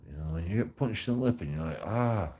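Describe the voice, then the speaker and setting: A man's voice: sits low, expressive, racing, dark tone, husky. A man telling a personal story in a rambling, heavily sworn casual monologue. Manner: heavy swearing, rambling with restarts.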